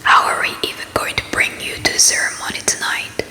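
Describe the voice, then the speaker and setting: A woman voicing a worried middle-aged noblewoman mother as whispered role-play, in a soft, fretful whisper. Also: fairly quick, echoey room, close to an everyday voice. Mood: anxious.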